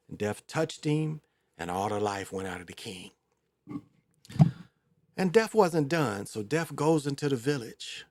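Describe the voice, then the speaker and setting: A man hosts his own show in a loose, rambling monologue, full of crude asides and fillers. His voice is gravelly, with plenty of fry, at an ordinary middle pitch. The sound is close and dry. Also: expressive, measured pace, darkish tone, no echo. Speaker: show host.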